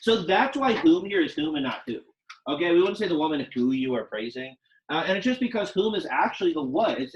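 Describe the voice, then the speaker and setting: A man's voice: on the high side, muffled recording. A young man teaching a Latin class, speaking casually and quizzing his students with questions. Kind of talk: classroom lecture.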